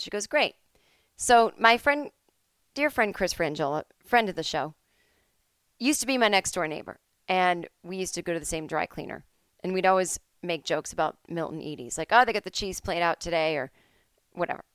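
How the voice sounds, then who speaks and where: A woman's voice: on the low side, a bit bright, clean tone, dry recording, clean studio sound. A woman hosting a podcast from home, telling comic stories in a casual monologue and acting out the people she quotes in shifting voices. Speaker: podcast host.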